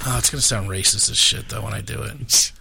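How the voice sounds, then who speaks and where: A man's voice: on the low side, a little fast, gravelly, pushed and bright. A man, a guest comedian, talking casually on a podcast with profane, rambling jokes.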